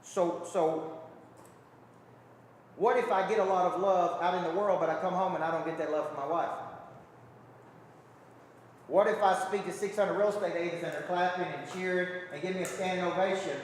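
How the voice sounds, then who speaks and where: A man's voice: high-pitched, steady tone, normal speed, long pauses, a little hiss or hum. A man coaching a live audience, emphatic, constantly checking in with the crowd. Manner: emphatic, repeats rhetorical check-ins with the crowd. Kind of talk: seminar talk to an audience. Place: large hall with a live audience. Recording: echoey hall from far off.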